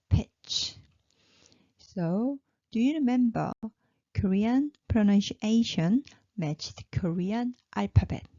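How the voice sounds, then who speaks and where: A woman teaching a pronunciation lesson, patiently repeating each sound slowly. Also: medium pitch, vocal fry, mellow, no room sound, dull audio. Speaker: language teacher.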